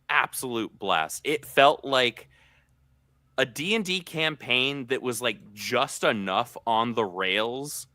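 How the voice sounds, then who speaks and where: Bright, dry-sounding man chatting on a podcast. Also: medium pitch, dry recording. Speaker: podcast co-host. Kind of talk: casual chat.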